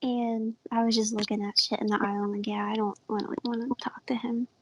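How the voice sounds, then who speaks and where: A woman in her thirties with a small, mouse-like voice, telling stories in a soft, breathy, giggly way as a podcast guest. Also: a little high, flat delivery, fast talker, a little hiss or hum, poor audio. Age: 30s. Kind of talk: casual chat.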